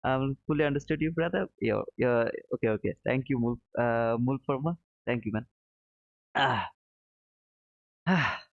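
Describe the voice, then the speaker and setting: A man's voice: medium pitch, measured pace, vocal fry, pauses often, no room sound. Live trading streamer, male, self-critical and apologetic, dry phone-like sound. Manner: apologetic, self-critical, frequent restarts, non-native phrasing. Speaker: livestream trading host. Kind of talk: live-stream chat to viewers.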